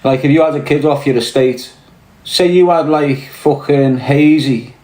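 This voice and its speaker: A man's voice: fairly high pitch, unhurried, a little mellow. A man with a Liverpool Scouse accent, ranting bluntly on a podcast and swearing heavily. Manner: blunt, heavy swearing, fired-up. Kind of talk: casual rant. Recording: roomy echo.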